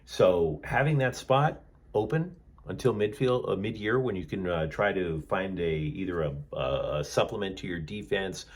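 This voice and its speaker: A man's voice: low voice, lively intonation, normal speed. A man hosting a sports channel, talking in a sarcastic, rambling monologue from a hotel room. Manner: sarcastic, rambling, sardonic asides. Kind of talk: snarky sports commentary monologue.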